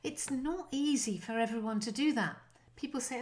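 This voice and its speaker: A woman teaching an online language lesson, lively and encouraging, demonstrating short French phrases. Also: a little high, normal speed.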